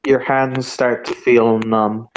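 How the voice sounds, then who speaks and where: A man's voice: mid-range voice, level tone, slow pace, a little hiss or hum. A man running a tabletop roleplaying game as game master, narrating scenes with frequent restarts. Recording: roomy, muffled home recording.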